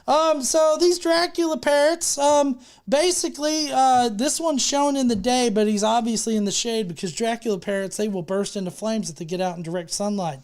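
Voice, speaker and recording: A woman with a fairly high voice talks loosely on a livestream, joking and cursing as she spins a rambling, goofy tale. Her delivery is casual and unscripted, full of fillers and asides. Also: moderate pace, hardly any pauses, a little mellow. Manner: rambling, joking, swears freely. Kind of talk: casual, profane livestream banter.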